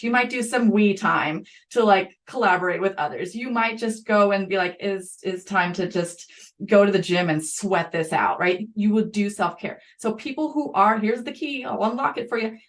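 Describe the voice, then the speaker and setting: On a podcast, a school psychologist in middle age chats in a lively, conversational manner, tossing out quick asides. She has a mid-range voice.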